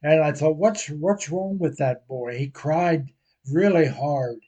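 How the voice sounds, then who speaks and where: An older man preaching a sermon, telling a personal story slowly and earnestly. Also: fairly high pitch, mellow, lo-fi sound. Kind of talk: sermon testimony.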